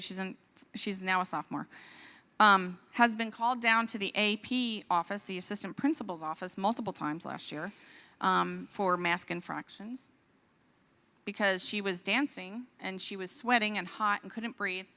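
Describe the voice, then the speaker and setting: Bright-voiced indignant woman in a reverberant hall. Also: mid-range voice. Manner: animated, indignant, rising to exclamations. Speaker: physician speaker. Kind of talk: impassioned church talk. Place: large church hall.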